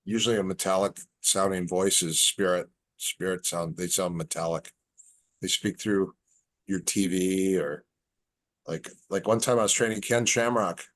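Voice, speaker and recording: A man's voice: low voice, normal speed. A man in casual podcast chat, telling stories and acting out the dialogue. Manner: relaxed storyteller, acts out quoted dialogue. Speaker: podcast guest.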